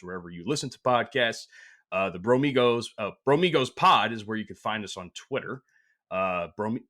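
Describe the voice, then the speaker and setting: A man hosting a podcast, talking casually and crudely, with plenty of swearing and loud laughter. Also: fairly low pitch. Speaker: podcast host. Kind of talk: casual chat.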